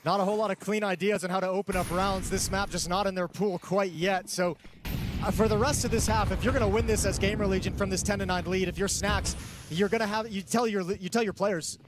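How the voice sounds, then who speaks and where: A man's voice: sits high, steady tone, brisk, background noise. A man giving live analytical esports commentary, explaining tactics and thinking aloud.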